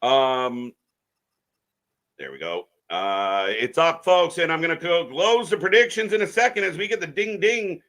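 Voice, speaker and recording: Bright-voiced opinionated male co-host. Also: a little high, expressive, a little slow. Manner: opinionated, rambling with restarts. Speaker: live stream co-host. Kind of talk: wrestling watch-along chat.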